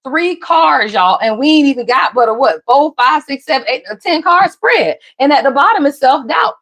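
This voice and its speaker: A woman's voice: lively intonation, normal speed, a bit bright. A woman doing a casual tarot reading for viewers, talking emphatically and often calling out "somebody" and "y'all". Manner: emphatic, repeats "somebody" and "y'all", jumps in pitch. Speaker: tarot reader.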